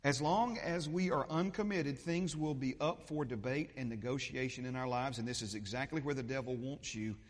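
A man's voice: normal speed, few pauses. Preaching man in an echoing hall. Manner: preaching, swings between loud fervent peaks and low steady teaching. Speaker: pastor. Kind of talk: sermon. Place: church sanctuary.

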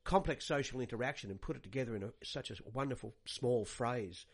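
An actor playing a rambling older radio host who repeats words and stalls on fillers. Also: male voice, mid-range voice, fairly quick, natural voice. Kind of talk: comic radio banter.

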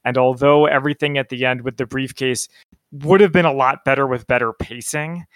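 A man co-hosting a podcast, reviewing a film in a relaxed, matter-of-fact casual chat. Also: medium pitch, brisk, no echo, studio quality. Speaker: podcast co-host.

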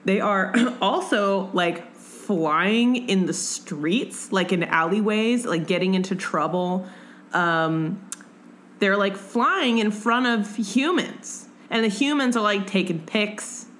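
A young woman hosting a podcast, chatting casually about a book and acting out its characters with big jumps in her voice. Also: slow. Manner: animated, acts out characters with big pitch jumps. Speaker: podcast host. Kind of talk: casual book-club chat. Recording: faint background noise.

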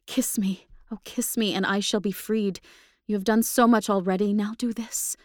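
A woman voicing a gentle male ghost who begs earnestly for love, in a slow, beseeching way. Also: mid-range voice, steady tone, no room sound, studio quality, close to an everyday voice. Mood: pleading.

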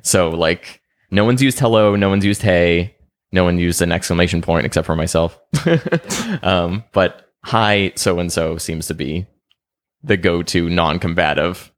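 Very deep-voiced man chatting calmly. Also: unhurried. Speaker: podcast co-host. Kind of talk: casual chat.

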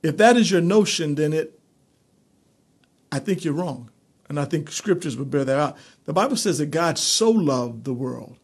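Animated, higher-voiced man preaching. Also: normal speed, breathy edge. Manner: conversational preaching with rising animated emphasis. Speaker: pastor. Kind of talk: streamed Bible study teaching.

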